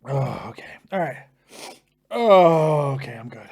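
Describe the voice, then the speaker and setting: A man's voice: medium pitch, lively intonation, moderate pace, a little mellow. Groaning man with a burning mouth. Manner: groaning, swearing, pained from hot pepper. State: mouth burning from hot pepper. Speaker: live stream host. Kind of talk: live stream chat.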